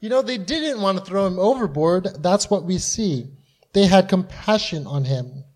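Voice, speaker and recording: A man with a high voice preaching to his congregation. He talks earnestly and acts out the quoted voices in the stories he retells. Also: lively intonation, moderate pace, a little mellow. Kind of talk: sermon.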